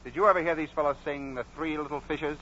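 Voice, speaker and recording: A man's voice: on the high side, fairly even intonation, fast talker, bright, forceful tone, slight background noise. A man hosting a 1930s radio variety show and introducing guests. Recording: dull 1930s radio broadcast.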